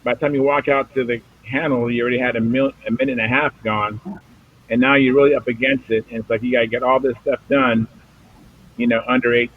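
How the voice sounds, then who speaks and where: A man's voice: medium pitch, level tone, fast, slight background noise. A man hosting a casual video hangout, talking in a rambling way with lots of fillers over a video call. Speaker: host of a hobby video hangout. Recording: tinny phone-like audio.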